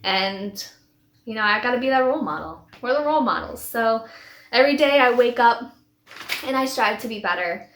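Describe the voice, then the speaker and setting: A woman's voice: fairly high pitch, animated, normal speed, fairly bright tone. A woman in her thirties, a vlogger telling her personal story in a heartfelt, rambling way with many restarts. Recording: echoey room.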